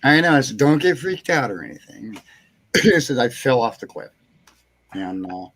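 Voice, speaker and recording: A man's voice: medium pitch, very animated, normal speed, a bit bright. A man hosting a casual live chat show, telling a long rambling anecdote, chuckling and acting out what people said. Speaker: host.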